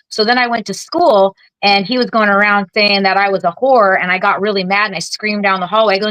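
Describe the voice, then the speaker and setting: A woman's voice: mid-range voice, fairly even intonation, fairly quick, a bit bright, no room sound, poor audio. A woman guest telling her story in candid conversation, blunt and swearing heavily as she acts out what she and others said. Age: adult with children. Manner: blunt, heavy swearing, vivid quoted retorts. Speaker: guest, Air Force veteran.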